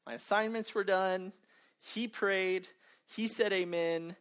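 A woman's voice: mid-range voice, fairly even intonation, takes it slowly, clean tone. A woman preaching a sermon, earnest and emphatic, with humorous asides.

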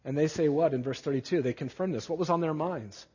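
A man's voice: on the high side, quick pace, few pauses, darkish tone, husky. A pastor preaching a sermon in an earnest, emphatic way and often putting questions to his listeners. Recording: dull lo-fi audio with long hall reverb.

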